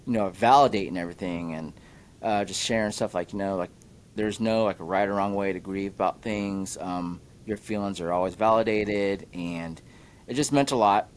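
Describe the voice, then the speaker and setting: A man hosting a podcast, with a Midwestern American accent, talking casually and haltingly with lots of fillers like "you know" and "like". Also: fairly low pitch, a little hiss or hum. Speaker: podcast host.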